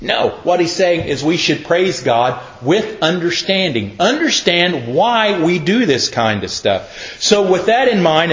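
A man's voice: a little high, fairly bright tone, slight background noise. A man preaching a sermon in an earnest, conversational teaching manner. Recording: echoey, muffled room recording.

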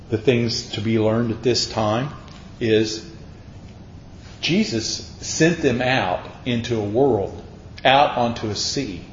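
A man's voice: medium pitch, a little mellow, slight background noise. A man preaching a sermon, dramatic and acting out voices from the Bible. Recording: echoey room, dull sound.

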